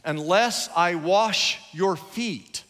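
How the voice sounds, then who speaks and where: Calm, patient teacher, voiced by a male preacher, low and slow, with hall reverb. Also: full character voice. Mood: solemn.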